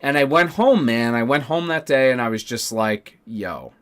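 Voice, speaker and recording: A man's voice: medium pitch, moderate pace, fairly bright tone, clean tone. A man telling a story to his stream chat, ranting with heavy profanity and emphatic repeats. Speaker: Twitch streamer.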